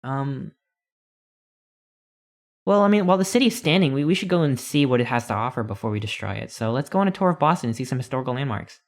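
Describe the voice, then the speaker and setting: A man's voice: medium pitch, lively intonation, quick pace. A man streaming a text adventure, reading it aloud with playful, rambling asides.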